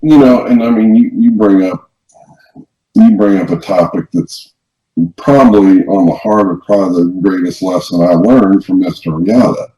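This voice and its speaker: Low, mellow man in a roomy recording. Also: normal speed. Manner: rambling storyteller, many restarts. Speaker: podcast co-host. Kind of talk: casual conversation, telling a personal story. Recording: roomy, dull lo-fi sound.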